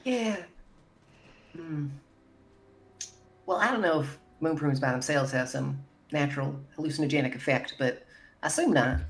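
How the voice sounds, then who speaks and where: A woman with a notably low speaking voice plays in a tabletop game. She describes her character's actions in a relaxed, matter-of-fact way, chatting casually with the table. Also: moderate pace, pauses often. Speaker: player.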